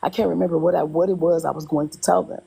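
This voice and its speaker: A woman with a heavily gravelly, husky voice recounts her own experience in relaxed conversation. She tells it in an animated way, circling back on phrases and acting out the lines of the people involved. Her voice sits somewhat low. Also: fast talker, rough recording. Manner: animated, retells dialogue in quotes, repeats herself. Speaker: guest telling her story. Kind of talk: casual conversational storytelling.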